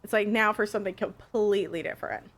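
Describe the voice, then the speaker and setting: A woman streaming a game, chatting casually, excitable and prone to swearing. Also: medium pitch, fast. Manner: excitable, laughing, swears freely. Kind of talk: casual live game commentary.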